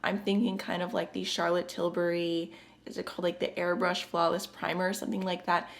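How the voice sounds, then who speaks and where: Hoarse, raspy woman vlogger, slightly low voice, chatty and upbeat. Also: little pitch movement, brisk. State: hoarse from a chest infection. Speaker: beauty vlogger. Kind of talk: casual chat to camera.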